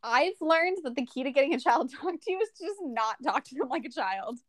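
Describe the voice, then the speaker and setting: Young female co-host, high voice, blunt and teasing, casual chat, dry recording. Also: expressive, moderate pace, no room sound. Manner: blunt, teasing, laughs often. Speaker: podcast co-host.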